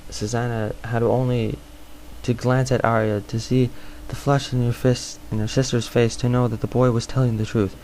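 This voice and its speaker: Man, amateur audiobook narration, stumbling, mid pitch. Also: flat delivery, normal speed, a little mellow, a little hiss or hum, poor audio. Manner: stumbling, restarts words.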